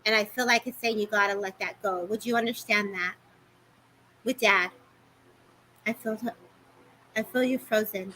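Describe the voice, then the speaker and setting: A woman giving a live-streamed psychic reading, talking fast and affectionately to the people she reads, calling them baby and babes. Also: mid-range voice, fairly even intonation, bright, forceful tone, slight background noise, rough recording. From California. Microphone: live-stream microphone.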